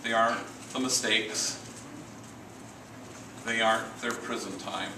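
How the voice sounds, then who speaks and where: A middle-aged man, a priest, telling anecdotes to a live audience in a lively, chuckling storyteller's manner. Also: fairly low pitch, takes it slowly, pauses often. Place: large room with a live audience. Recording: roomy, distant and noisy hall recording.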